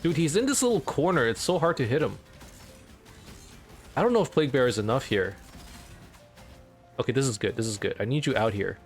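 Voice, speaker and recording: A man hosting a let's play, casually commenting on his game in an excitable, rambling way. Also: mid-range voice, fairly quick, long pauses, soft background music.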